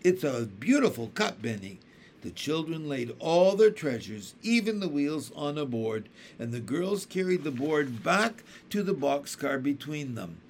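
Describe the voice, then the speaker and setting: A man reading a children's book aloud with expressive storytelling. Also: fairly high pitch, unhurried, few pauses, slight background noise. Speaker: audiobook reader.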